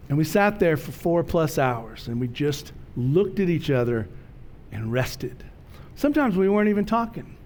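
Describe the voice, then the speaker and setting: A middle-aged man preaching a sermon in a conversational, storytelling way, slowing down to stress key words. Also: fairly high pitch, very animated, a little mellow, a little hiss or hum. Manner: conversational, storytelling preacher with slow emphatic phrases. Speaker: pastor.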